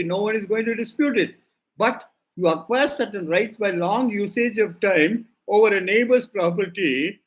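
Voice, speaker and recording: A man's voice: high voice, rough recording. An older man with an Indian English accent, lecturing on legal drafting and dictating clauses while stressing key words for his students. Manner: emphatic, repeats key words for students to note. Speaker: law lecturer.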